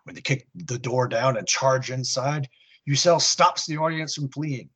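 A man's voice: medium pitch, a little slow, fairly bright tone, husky. A man hosting a podcast, recapping a comic book story with earnest narration and wry asides. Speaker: podcast host.

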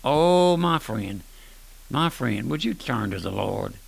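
An older man preaching a fervent radio sermon, often repeating "my friend" and swinging between loud and soft. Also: medium pitch, big pitch swings, slow pace, vocal fry, husky.

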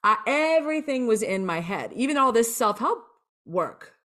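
A woman coach with a voice on the high side talks at a moderate pace as a guest on a podcast. She chats candidly and expressively, acting out her own past lines as she tells her stories.

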